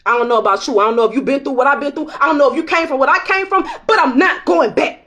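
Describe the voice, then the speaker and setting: A woman's voice: sits high, fast, fairly bright tone. A woman tarot reader in a casual vlog, talking bluntly and emphatically, swearing freely and laughing often.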